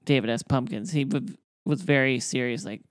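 A woman's voice: extremely low pitch, normal speed, dry recording. A woman cohosting a podcast in casual chat, adding dry, wry asides. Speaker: podcast co-host.

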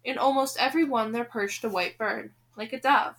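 Expressive woman reading a storybook aloud. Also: a little high, moderate pace. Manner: expressive, speaks directly to the listener. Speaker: podcast host reading a children's novel.

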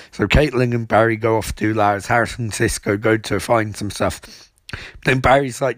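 A young man recapping a TV episode in a mocking, rambling way, tossing off quick impressions of the characters. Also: mid-range voice, steady tone, no echo, studio quality. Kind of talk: sarcastic comedic episode recap.

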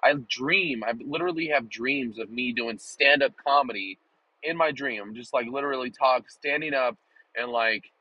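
A man's voice: medium pitch, normal speed, no echo, highs cut off. A man vlogging in a rambling, joking, profane casual monologue. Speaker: vlogger and podcaster.

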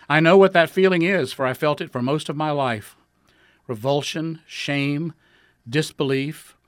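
A man's voice: medium pitch, fairly bright tone, dry recording, clean studio sound. A man, the author, reading his own letter aloud in an earnest, tender way.

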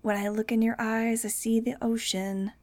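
A woman voicing a young man who croons a love song slowly, in an amateur audiobook reading. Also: on the high side, flat delivery, natural voice. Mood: crooning. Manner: slow, drawn-out crooning.

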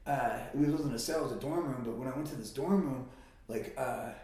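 A man's voice: medium pitch, a little fast, a little mellow. A man telling his own story in a blunt, profane, casual way as a guest. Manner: blunt and profane, swears often. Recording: very echoey room.

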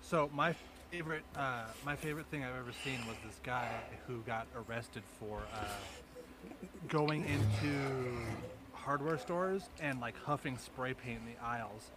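A man's voice: mid-range voice, unhurried. A man co-hosting a casual podcast, laughing through a funny story and steering the chat to the next topic. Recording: loud background noise.

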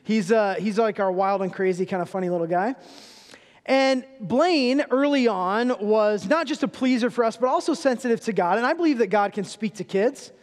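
A man in his thirties, visiting as a guest preacher, shares funny family stories in an easygoing, conversational style at a normal speed. His voice is pitched high for a man. The church sanctuary gives his words a long, lingering echo.

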